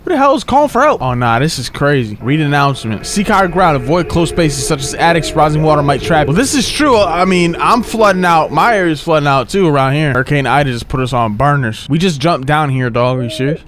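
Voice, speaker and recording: A young man streaming a horror game, talking in slang, yelping and shouting whenever he gets scared. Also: a little high, brisk, few pauses. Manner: excitable, yelps and shouts when scared, slangy. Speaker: gaming streamer. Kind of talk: horror game let's play commentary. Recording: game music playing behind.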